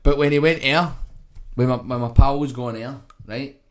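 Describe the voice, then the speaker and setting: A man's voice: mid-range voice, steady tone, moderate pace. A man with a Glaswegian accent, a podcast co-host telling a rambling, sweary comic story and checking in with "right?".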